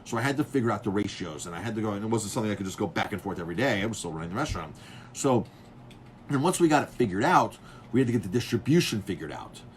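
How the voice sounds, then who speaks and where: A man's voice: on the low side, very fast, slight background noise. A man, a chef and restaurant owner, chatting casually and telling rambling stories, full of fillers and restarts. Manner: animated storyteller who acts out others' lines. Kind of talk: casual chat telling stories about beer.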